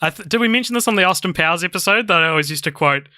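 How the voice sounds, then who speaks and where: A man's voice: high voice, expressive, rapid-fire, bright, forceful tone, no room sound, studio quality. A young man co-hosting a podcast in casual chat, joking loosely with lots of fillers. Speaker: podcast co-host.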